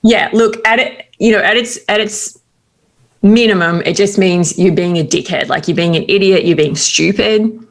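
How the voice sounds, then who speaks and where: A middle-aged Australian woman telling personal stories candidly in casual conversation, with quick asides. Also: medium pitch. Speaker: guest.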